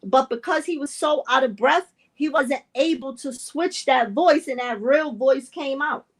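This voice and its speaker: A woman co-hosting a podcast in an easygoing, chatty way. Her voice sits high, and she keeps circling back to hammer her point home. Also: unhurried. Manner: animated, repeats points for emphasis. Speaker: podcast co-host. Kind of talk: casual chat.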